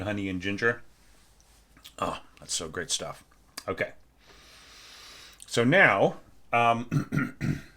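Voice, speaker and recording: A man's voice: fairly low pitch, pushed and bright. A man teaching orchestration, giving casual spoken feedback on a student's score and singing phrases aloud to show how they should sound. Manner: chatty and emphatic, sings phrases aloud to demonstrate.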